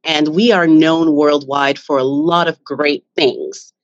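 A woman from Jamaica, a podcast guest talking with confidence and an animated lift, laughing often. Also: low voice, slow, no room sound, dull audio. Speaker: guest, business founder. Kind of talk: podcast interview.

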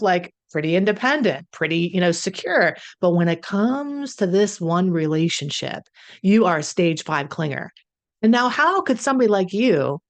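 A woman addiction consultant talking conversationally to her audience, often clearing her throat, her voice a little croaky. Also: fairly low pitch. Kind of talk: solo talk to camera.

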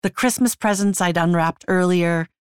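A woman's voice: fairly low pitch, normal speed, smooth, no room sound, studio quality. A woman reads her own memoir as an audiobook in an intimate, tense first-person style. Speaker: memoir author and narrator.

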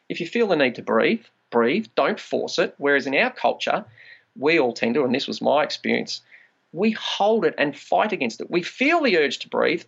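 A man's voice: medium pitch, vocal fry, a bit bright, husky, dull audio. A man, a trauma release practitioner, explaining body practices in a conversational podcast interview and acting out quoted inner voices.

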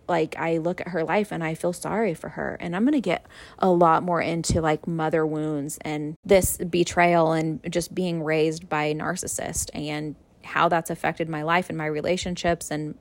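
A woman's voice: fairly low pitch, gravelly. A young woman hosting a podcast, candidly telling a painful personal story and acting out the voices of the people in it. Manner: candid, emotional, acts out quoted voices. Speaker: podcast host.

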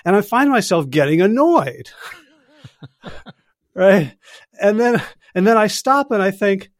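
This man's voice sits high and sounds animated yet unhurried. He's an executive coach on a podcast, reflecting casually, telling loosely structured stories and chuckling frequently. Studio-quality audio, no room sound.

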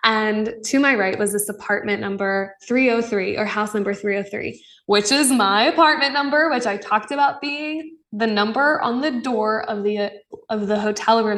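A young woman hosting a podcast, talking in an earnest, raw and excitable way about her spiritual life, often breaking into laughs. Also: medium pitch, normal speed, distant mic. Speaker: podcast host. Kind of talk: casual spiritual monologue.

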